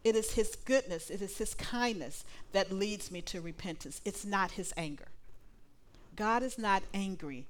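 A woman preaching a sermon to a live congregation, animated and playful, acting out little dialogues. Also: medium pitch, unhurried. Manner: animated, laughing asides, acts out dialogue.

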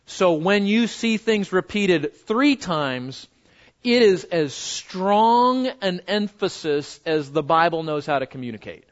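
A man delivers a sermon in a rather high voice, hammering points home by repeating words and throwing questions at his listeners. The recording sounds a little dull and lo-fi. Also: lively intonation, takes it slowly. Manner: emphatic, repeats words for stress, asks the audience questions. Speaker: pastor.

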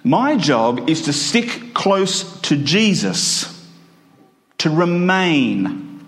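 A man preaching a sermon in a church, emphatic and stretching out his phrases slowly. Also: fairly high pitch, very animated, a bit bright. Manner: emphatic, with slow drawn-out phrases.

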